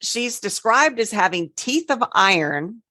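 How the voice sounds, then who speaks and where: A woman's voice: medium pitch, very animated, measured pace, pushed and bright, dry recording, studio quality. A woman co-hosting a casual podcast, telling folklore stories in a chatty way and spelling out names. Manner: chatty storyteller, spells words out, trails off. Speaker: podcast co-host.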